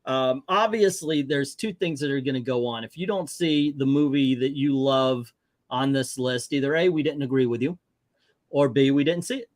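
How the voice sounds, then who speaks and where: A man's voice: medium pitch, normal speed, darkish tone, dry recording. A middle-aged man hosting a casual movie chat, joking, rambling and emphatic. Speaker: host.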